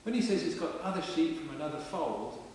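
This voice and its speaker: A man's voice: on the high side, expressive, fairly quick, darkish tone. A man preaching a sermon in a parish church, in a chatty, plain-spoken way. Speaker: vicar. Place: large stone parish church. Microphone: distant camera mic. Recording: echoey church from far off with hiss.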